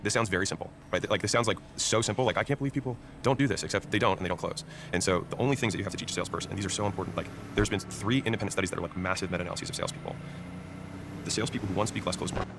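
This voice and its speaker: A man who trains salespeople, talking fast and emphatically and teaching through examples in a casual podcast conversation. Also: sits low, noisy background.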